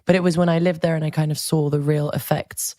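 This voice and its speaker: A woman hosting an interview, asking reflective, soft-spoken questions. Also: sits low, flat delivery, quick pace, no echo, clean studio sound. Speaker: interview host. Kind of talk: conversational interview.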